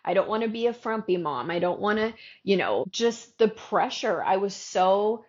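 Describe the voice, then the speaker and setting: A woman's voice: medium pitch, expressive, moderate pace, darkish tone, dull audio. A woman co-hosting a podcast, candidly telling her own story in a casual chat. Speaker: podcast co-host.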